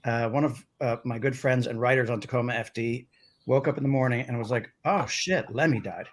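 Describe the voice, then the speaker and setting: A man's voice: medium pitch, little pitch movement, a little fast, slight background noise. A middle-aged man who is a guest on a comedy talk show, telling loose, rambling stories full of "like" and "um" over a video call. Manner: rambling storyteller with lots of fillers. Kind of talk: casual anecdotal chat. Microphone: livestream video call.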